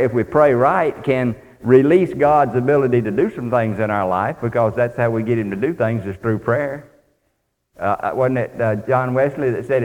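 Preacher in a reverberant hall. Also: male voice, medium pitch, a little mellow. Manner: folksy, plainspoken preaching, reads scripture aloud. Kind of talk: sermon.

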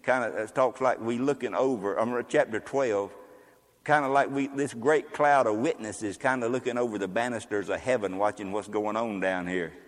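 A man preaching a sermon as a pastor, emphatic and fiery, with loud exclamations and quieter asides. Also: fairly low pitch, moderate pace, in a large hall.

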